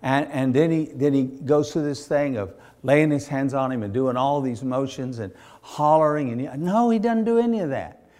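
A man preaching a sermon, telling the story with animated acted-out voices and sudden shouts. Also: medium pitch, normal speed.

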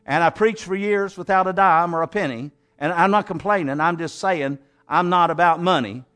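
A man's voice: sits high, moderate pace, a bit bright. Man, pastor, raised voice, plainspoken sermon delivery with dramatic scripture reading. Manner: folksy preacher, reads scripture with emphatic swings.

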